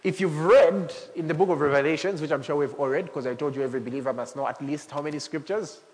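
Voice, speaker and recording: A male pastor delivers a lively sermon in a slightly high voice, climbing to shouts and breaking into laughter. His words ring out with a long reverb from the hall around him. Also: fast. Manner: animated preaching, rising to shouts, with laughter.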